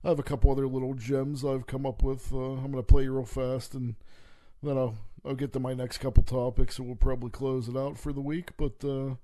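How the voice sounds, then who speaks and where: Swearing man on a dry, mellow rant. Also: medium pitch, level tone, no room sound. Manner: heavy swearing, halting with many fillers. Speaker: podcast host. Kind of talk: profane rambling rant.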